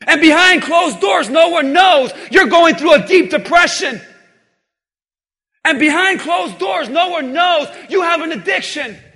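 A man's voice: very high voice, animated, a little slow, pushed and bright, in a large hall. A man preaching a sermon in church, impassioned, with repeated refrains. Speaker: pastor.

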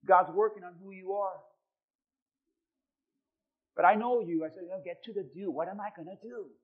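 A man, a pastor, preaching a sermon and telling personal stories, acting out the quoted voices with lively swings in loudness. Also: high-pitched, normal speed, breathy edge, narrow, tinny audio. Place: church.

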